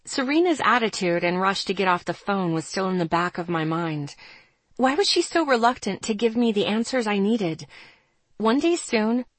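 A woman narrating a first-person story as an audiobook, steady and measured. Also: medium pitch, no room sound.

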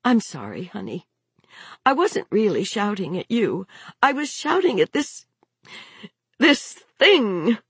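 A frazzled young mother in a storybook reading, voice climbing high and shrill when she snaps, as a woman reader puts her on. Her husky tone swings widely from a strained shout to a softer, worn-out murmur. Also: huge pitch swings, measured pace, no room sound, heavily acted. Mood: apologetic.

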